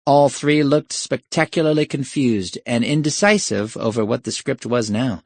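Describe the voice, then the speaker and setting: A man's voice: mid-range voice, lively intonation, moderate pace, dry recording. Wry male audiobook narrator. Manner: wry, sardonic storytelling. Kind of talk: scripted narration.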